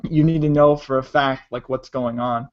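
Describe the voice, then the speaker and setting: A man's voice: mid-range voice, fairly even intonation, normal speed. A man narrating as game master of a tabletop game, talking hesitantly with many restarts. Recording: dull lo-fi audio.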